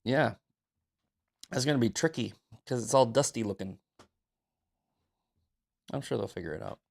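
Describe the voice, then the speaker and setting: Gravelly sarcastic man reading news. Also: mid-range voice, animated, moderate pace. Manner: sarcastic, profane, offhand. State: just woke up. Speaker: host. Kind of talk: casual news commentary.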